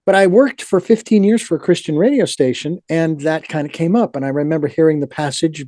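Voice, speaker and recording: A man's voice: on the high side, fairly quick, hardly any pauses, warm tone, no echo, studio quality. A man hosting a podcast, talking in a reflective, meandering way with frequent restarts. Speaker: podcast host. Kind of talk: reflective interview talk.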